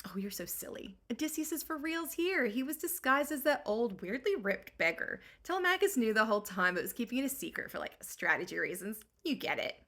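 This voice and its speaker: A woman voicing a giddy old female nursemaid who gushes excitedly about bloodshed. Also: on the high side, a little fast, few pauses, exaggerated voice. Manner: excitable, gushing.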